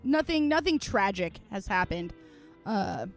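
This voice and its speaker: A woman's voice: mid-range voice, big pitch swings, a little slow, pauses often, soft background music. A woman streamer chatting casually at home while she plays, rambling and venting with plenty of swearing. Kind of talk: casual livestream chat while gaming.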